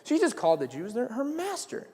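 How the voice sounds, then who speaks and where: A man's voice: very high-pitched, wildly swooping pitch, fairly quick, darkish tone. Earnest teenage boy preaching in a hall. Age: late teens. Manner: earnest, conversational, with restarts and "like". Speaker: student speaker. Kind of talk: youth sermon retelling a Bible story. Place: school chapel or hall, live. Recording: long hall reverb.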